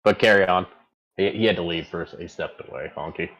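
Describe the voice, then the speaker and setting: Very deep-voiced man running a tabletop game. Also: fairly quick, fairly bright tone, highs cut off. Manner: rambling, searching for words mid-sentence. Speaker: game master.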